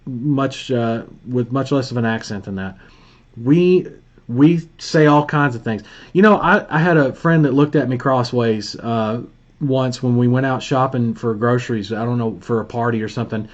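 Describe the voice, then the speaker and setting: A man's voice: mid-range voice, normal speed. A man with a Southern Alabama accent hosting a casual marketing call, telling stories in a folksy way and laughing often. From Birmingham, Alabama. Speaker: host of a marketing live call. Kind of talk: casual coaching chat. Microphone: video call. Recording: dull lo-fi call audio.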